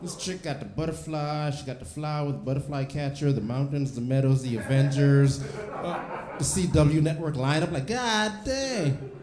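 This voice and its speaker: Brash stand-up comic in an echoey theater. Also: male voice, medium pitch, normal speed, crowd noise. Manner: brash, punchy storytelling with acted-out dialogue. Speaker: stand-up comedian. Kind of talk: stand-up comedy set. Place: comedy theater stage. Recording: echoey theater room, faint noise. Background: audience laughter.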